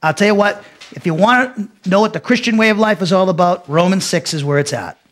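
Emphatic high-voiced male Bible teacher. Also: fairly quick, a bit bright. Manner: emphatic, repeats himself, restarts phrases. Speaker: pastor.

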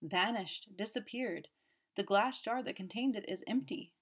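A woman voicing an excitable male police commissary who speaks in urgent, blunt bursts. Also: mid-range voice, a little slow, pitched above the performer's own voice, natural voice. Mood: alarmed.

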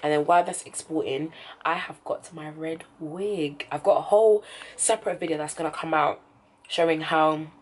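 A woman's voice: sits low, fairly even intonation, normal speed, breathy edge, low-quality recording. A woman with a London accent chatting to camera at home in a casual vlog, heartfelt and talkative, sometimes dropping almost to a whisper. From England. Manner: chatty and heartfelt, drops to a soft near-whisper at times. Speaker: vlogger. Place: indoors at home.

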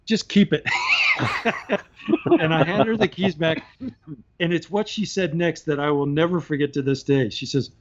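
A man's voice: on the high side, wildly swooping pitch, unhurried, pauses often, a bit bright, lo-fi sound. A man, a podcast guest, telling casual stories and laughing through his anecdotes. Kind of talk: casual storytelling.

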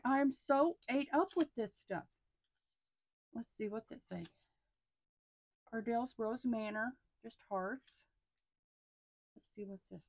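A middle-aged woman, chatting casually as she unboxes stationery. She gushes with excitement and often drops into hushed asides. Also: sits high, slow, pauses often, no room sound. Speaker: stationery haul vlogger.

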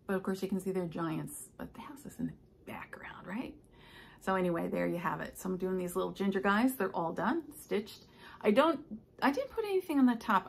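Chatty older woman with gravelly fry. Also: medium pitch. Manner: chatty, rambling, with many fillers. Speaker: stitching vlogger. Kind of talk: casual chat. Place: home. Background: household noises, clock and ice maker.

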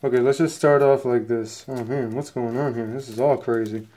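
An excitable man chats to his viewers in a loose, rambling unboxing vlog, his voice sitting at an ordinary middle pitch. He sounds a bit sniffly, as if a cold is coming on. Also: moderate pace. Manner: excitable, rambling, chatty, talks straight to viewers. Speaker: channel host opening trading cards.

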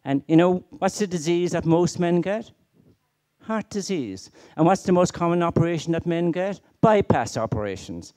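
A man's voice: on the high side, lively intonation, moderate pace, warm tone. A middle-aged man giving a conference keynote, emphatic and full of rhetorical questions and stories. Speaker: keynote speaker.

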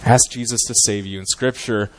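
A man with a fairly low voice preaches a sermon. His delivery is earnest and measured, and he often pauses on fillers as he works through scripture. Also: steady tone, low-quality recording. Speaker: guest preacher. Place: church sanctuary.

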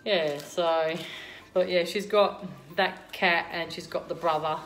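A woman's voice: on the low side, steady tone, takes it slowly, fairly bright tone, a little hiss or hum. A woman with an Australian accent chatting casually to camera as a vlogger at home, rambling with lots of ums.

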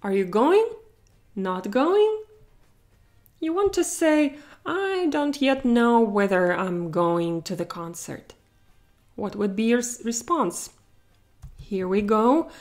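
Slow, patient woman teaching grammar. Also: fairly high pitch, expressive, a little mellow. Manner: slow, careful modeling of Russian example sentences. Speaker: Russian language teacher. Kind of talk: explaining grammar to learners.

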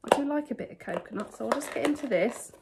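A British woman vlogs casually to camera at home indoors, showing off a thrift haul in a rambling, enthusiastic way. Her voice is a little high, animated and creaky, she talks fast, and the recording is very noisy.

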